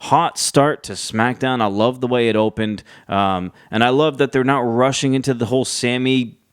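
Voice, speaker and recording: A man's voice: mid-range voice, normal speed, clean tone, dry recording, clean studio sound. A man casually recapping a wrestling show, chatty, with many fillers and restarts. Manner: chatty, acts out quotes in lively voices.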